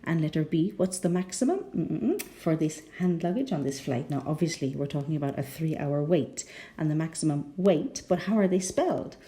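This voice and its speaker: Lively, patient woman teaching pronunciation. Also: deep voice, normal speed. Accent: rhotic English accent. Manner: patient, checks in with "no?". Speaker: English teacher. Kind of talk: pronunciation lesson.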